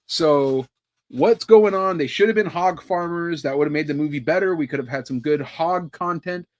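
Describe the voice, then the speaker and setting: A man co-hosting a podcast, delivering sarcastic, deadpan hot takes in casual banter. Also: a little high, normal speed. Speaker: podcast co-host.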